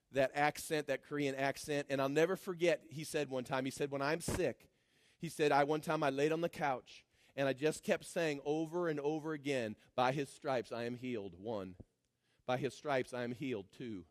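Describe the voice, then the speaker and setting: A man preaching a sermon as pastor, swinging from shouted declarations to low, mocking asides. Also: no echo, studio quality. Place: church.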